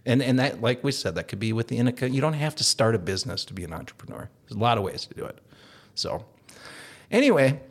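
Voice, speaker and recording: A man with an upper Midwestern accent, co-hosting a casual podcast from an office, telling stories in an animated, laughing way. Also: medium pitch, quick pace. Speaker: podcast co-host. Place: office in a co-working space.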